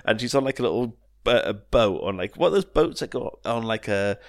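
A young Welsh man on a podcast, relaxed and jokey, quick to laugh at his mate. His voice sounds dry and close, with no room around it. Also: medium pitch, no room sound. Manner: laid-back, jokey, laughs a lot. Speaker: podcast co-host. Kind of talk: casual chat.

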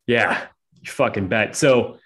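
A man co-hosting a podcast, telling a story in casual chat with an animated, profane, rambling manner. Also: on the low side, takes it slowly.

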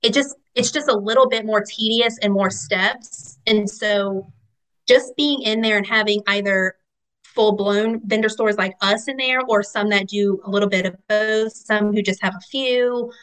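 A woman's voice: medium pitch, steady tone, measured pace, fairly bright tone, poor audio. Woman shop owner chatting on a podcast, rambly, lots of "you know"s. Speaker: guest, vendor market owner. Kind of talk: casual interview chat.

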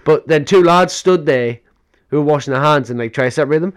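A man's voice: a little high, fast talker, clean tone. A young man co-hosting a podcast, telling long stories in a casual chat and acting out what others said, laughing often. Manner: rambling storyteller, acts out quotes, laughs often. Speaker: podcast co-host.

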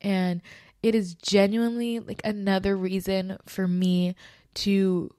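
A young woman hosting a casual solo podcast, talking in a gushing, animated way with many fillers and restarts. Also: mid-range voice, slow pace, dry recording, clean studio sound. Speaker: podcast host.

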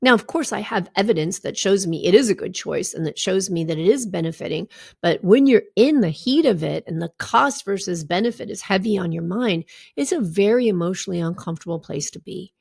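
A woman's voice: on the low side, lively intonation, fairly quick, gravelly, a little mellow, breathy edge, no room sound, studio quality. A middle-aged woman health coach talking candidly and conversationally, with asides to her listeners. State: recovering from a draining treatment. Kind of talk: casual personal talk to followers.

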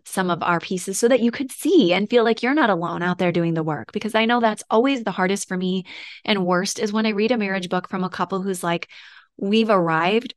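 A woman's voice: medium pitch, no echo, studio quality. A woman in her thirties hosting her own podcast, talking casually and earnestly about her new book, with little laughs and asides. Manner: chatty, earnest, laughs and gets a little emotional. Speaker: podcast host and author. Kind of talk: casual solo podcast talk.

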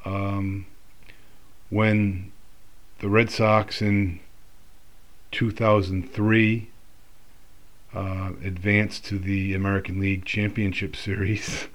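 A man's voice: lowish voice, fairly bright tone. A man talking casually in a rambling, reflective monologue, full of fillers and restarts.

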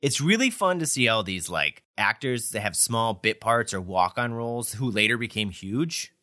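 A man co-hosts a casual podcast, recapping a TV episode in an animated, laughing way. His voice is bright and forceful. His pitch swings widely as he tells the story. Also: moderate pace. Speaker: podcast co-host.

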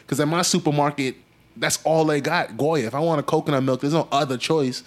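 A young man from Brooklyn, telling stories in a slangy, animated casual chat. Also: on the high side, a little fast. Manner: animated storyteller, slangy, acts out quotes.

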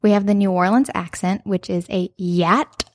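A woman's voice: medium pitch, moderate pace. Emphatic woman with a South Louisiana accent. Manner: emphatic, animated explainer. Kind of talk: casual chat.

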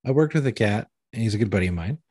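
A man's voice: on the low side, lively intonation, rapid-fire, slightly rough, no room sound, clean studio sound. A man co-hosting a podcast, telling stories with lots of swearing and acted-out quotes. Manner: profane storyteller, acts out quotes loudly. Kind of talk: casual chat.

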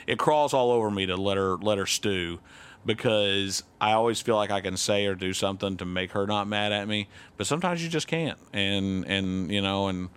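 A man with a low, smooth, resonant voice talks casually with his podcast co-host. His speech rambles, and he restarts sentences as he works through his thoughts. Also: a bit bright. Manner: rambling, self-correcting, candid. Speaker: youth T-ball head coach. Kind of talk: casual chat.

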